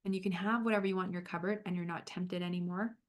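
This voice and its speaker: A woman health coach talking warmly to her viewers on a livestream, moving from a program pitch into a guided visualization. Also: fairly even intonation, fast. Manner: upbeat and encouraging.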